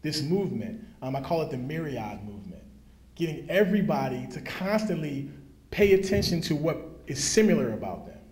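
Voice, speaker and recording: A man who writes and teaches management, giving an animated public talk full of anecdotes and asides. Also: on the high side, brisk. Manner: animated, anecdotal, frequent "right?". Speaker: speaker, author and management teacher. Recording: echoey hall.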